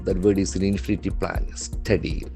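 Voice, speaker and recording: A man gives a patient vocabulary lesson in a somewhat low voice. He talks deliberately and spells each key word out letter by letter. Faint music plays underneath. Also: level tone, vocal fry, dark tone. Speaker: English language trainer.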